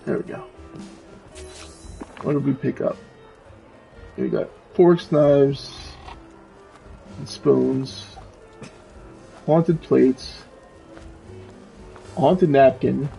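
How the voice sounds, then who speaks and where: A man's voice: mid-range voice, extremely slow, vocal fry, pauses often, dark tone, soft background music, rough recording. A man streaming a game with casual commentary. He reads the quest text and the characters' lines aloud.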